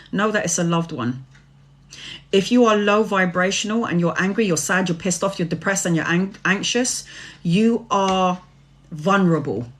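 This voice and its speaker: A woman tarot reader giving a casual spiritual monologue, preachy and swearing freely. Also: fairly low pitch.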